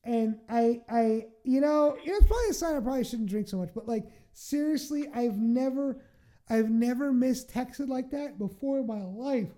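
A woman telling a wild story in casual chat, animated, swearing and laughing as she goes. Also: on the high side, normal speed.

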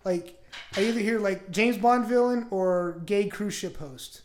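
Casual male co-host, animated, profane storyteller. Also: sits high, unhurried, slight background noise.

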